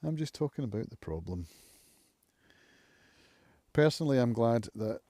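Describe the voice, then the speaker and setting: A man talks at home in a relaxed, unhurried live-stream monologue. He thinks aloud in a reflective, musing way and often pauses to find his words. His voice is warm and mellow, recorded close and dry. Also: mid-range voice, dry recording. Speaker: channel host, recovering alcoholic.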